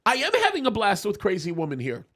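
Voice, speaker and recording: High, lively, excitable male co-host. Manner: excitable, quick to agree. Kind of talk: live political commentary.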